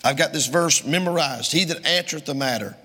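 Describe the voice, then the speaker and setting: A man's voice: fairly high pitch, brisk, sharp tone, slightly rough, in a large hall. A man preaching a sermon to a congregation, quoting King James scripture emphatically and speaking to his listeners directly.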